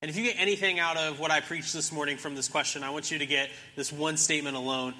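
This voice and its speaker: Young male pastor with a bright, ringing voice. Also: fairly high pitch, steady tone, fast, long reverb tail. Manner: casual storytelling, acting out characters in the story. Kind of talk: sermon.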